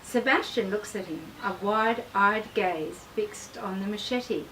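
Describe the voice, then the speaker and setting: A woman, an author reading her travel memoir aloud in a measured, expressive way. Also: mid-range voice. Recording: distant mic with faint background noise.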